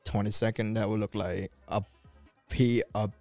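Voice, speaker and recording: A man's voice: fairly low pitch, level tone, moderate pace, darkish tone, faint music behind. A man co-hosting a podcast, telling stories in casual chat with loose, non-native phrasing and a lot of swearing. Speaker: podcast co-host.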